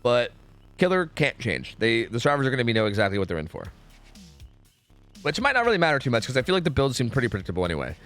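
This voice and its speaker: Young male streamer-caster, quick and animated, loose chatty delivery, light background music. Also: medium pitch. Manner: rambling, repeats himself, swears casually. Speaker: streamer casting a game tournament. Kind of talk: casual live-stream commentary. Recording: faint music behind.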